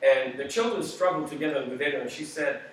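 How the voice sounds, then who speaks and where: Animated pastor preaching in an echoey hall. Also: male voice, fairly high pitch, quick pace, slight background noise. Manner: animated, jokey, emphatic with sudden loud bursts. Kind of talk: sermon. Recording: echoey hall, distant mic.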